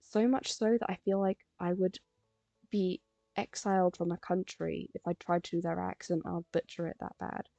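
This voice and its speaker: Chatty teen girl, a bit gravelly. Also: fairly low pitch, fairly even intonation, moderate pace, dark tone, no echo, highs cut off. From England. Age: teens. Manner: rambling, chatty, frequent fillers. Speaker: live streamer. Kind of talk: casual chat while drawing.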